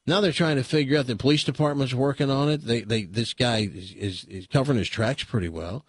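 A man's voice: mid-range voice, fairly quick, husky, dry recording, clean studio sound. A man hosting a radio show, chatting casually and telling a long joke with dramatic pacing. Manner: animated, dramatic storyteller.

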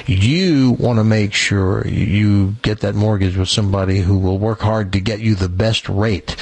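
A male radio host with a somewhat low, husky voice. He talks in a chatty, animated way, joking with his co-hosts before reading a live ad into a studio microphone. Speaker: radio talk show host. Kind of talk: casual radio banter and live ad read.

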